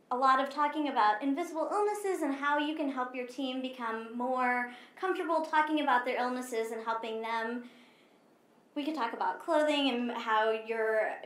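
A woman's voice: high voice, a bit bright. A woman giving a conference talk, earnest and conversational, acting out the remarks she quotes. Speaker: conference speaker. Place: conference stage. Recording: echoey hall.

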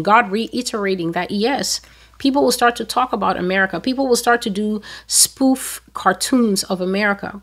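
A woman preaching a prophetic sermon, emphatic and rising to sudden loud peaks as she quotes God's words. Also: medium pitch. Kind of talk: sermon-style prophetic teaching.

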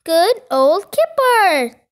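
A woman voicing a crowd of villagers in a children's storybook, loud and shouting. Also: sits high, very animated, takes it slowly, exaggerated voice. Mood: cheering. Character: crowd of cross villagers, mixed ages.

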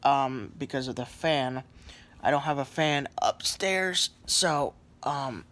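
A drowsy man talks into a nearby camera from his couch at home. He drawls slowly, trailing off between thoughts with many ums and sorries, his voice at a middling pitch. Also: a bit bright. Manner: rambling, halting, many fillers and apologies. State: very sleepy. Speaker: vlogger. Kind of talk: casual selfie vlog. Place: lying on a couch indoors at home.

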